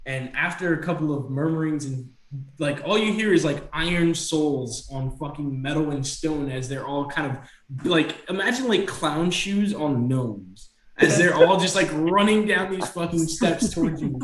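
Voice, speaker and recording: A man's voice: a little high, moderate pace, roomy sound. A young man narrating a tabletop game as game master, loose and casual with fillers.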